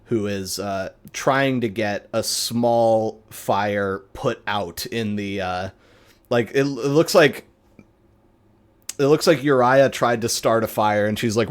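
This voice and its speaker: Male game master, lowish voice, leisurely rambling narration. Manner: unhurried, rambling with fillers.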